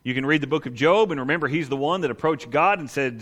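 A male pastor preaching a sermon in an animated, conversational way with rhetorical asides. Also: on the high side, fast talker, hardly any pauses.

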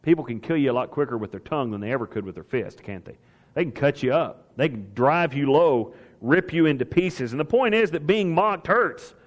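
A man's voice: a little high, long reverb tail. A man preaching a sermon as pastor, talking with emphasis and asking his listeners rhetorical questions.

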